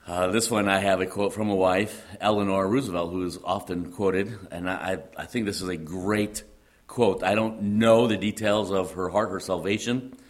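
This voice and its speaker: Man, Midwestern accent, pastor, deep low voice, conversational sermon, halting with fillers, light humor. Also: fairly even intonation. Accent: Midwestern American.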